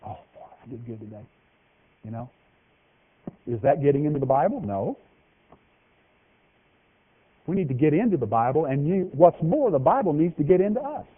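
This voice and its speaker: A man preaching a folksy, joking sermon, with lively swings in pitch. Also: brisk. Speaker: pastor. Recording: tinny phone-like radio broadcast of a hall.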